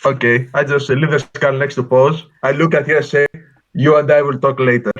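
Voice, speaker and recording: A man's voice: mid-range voice, little pitch movement, brisk. Male player describing actions, dull sound. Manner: describes actions plainly, with fillers. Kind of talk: playing a tabletop game.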